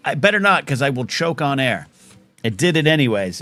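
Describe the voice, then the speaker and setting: A man's voice: medium pitch, animated, quick pace, a bit bright, dry recording. A man hosting a live call-in show, rambling and joking in a casual talk-radio manner, his throat catching now and then. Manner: rambling, joking, self-mocking. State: throat catching after choking on a chip.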